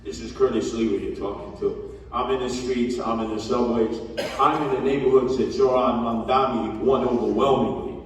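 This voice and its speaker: A man's voice: mid-range voice, steady tone, normal speed, slight background noise. A man giving a blunt, emphatic campaign speech to a community gathering, scolding the crowd. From New York. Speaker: mayoral candidate. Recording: echoey hall from far off.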